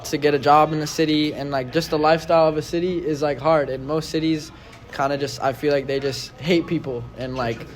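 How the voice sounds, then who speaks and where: A man's voice: fairly high pitch, fairly even intonation, fairly quick. A young man from New York City, a band member, talking casually and bluntly with lots of swearing. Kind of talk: casual interview chat. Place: busy pizza shop. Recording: crowd chatter behind.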